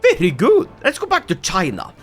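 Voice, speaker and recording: Male gaming commentator, jokey, very animated pitch, faint background music. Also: normal speed. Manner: jokey, bursts into shouted battle cries and silly character voices. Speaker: gaming YouTuber. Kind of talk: comedic gameplay commentary.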